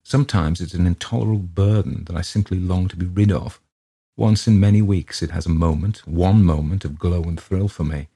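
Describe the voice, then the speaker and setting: Petulant, world-weary man of forty-four, as the reader plays him, low and dark. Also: brisk, slightly rough.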